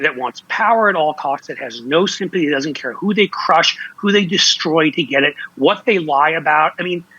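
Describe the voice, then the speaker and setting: Impassioned husky man, dull lo-fi sound. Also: on the high side, pushed and bright, no room sound. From Ohio. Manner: impassioned, blunt, stumbling restarts. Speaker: political commentator. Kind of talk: heated political talk.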